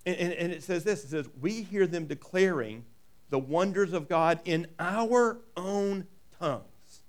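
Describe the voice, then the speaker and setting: A man's voice: sits high, lively intonation, a little slow. A man preaching a sermon in a folksy way, reading scripture and adding joking asides. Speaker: pastor.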